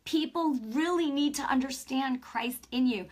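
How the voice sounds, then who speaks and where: Woman preacher, fairly high voice, chatty, enthusiastic, acts out stories. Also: measured pace. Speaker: preacher hosting a broadcast. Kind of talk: informal preaching and testimony.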